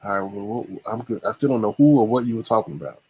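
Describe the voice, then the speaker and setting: Husky, fast-talking male stream host. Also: fairly low pitch, animated, a little mellow, no room sound. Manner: hesitant, unsure. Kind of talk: casual live stream chat.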